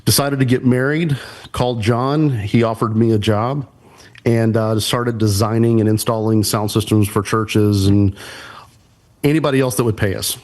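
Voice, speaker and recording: A man's voice: on the low side, steady tone, normal speed, darkish tone. A middle-aged man, a church production pastor and podcast guest, telling easygoing stories and politely answering with "sir". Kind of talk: casual podcast interview.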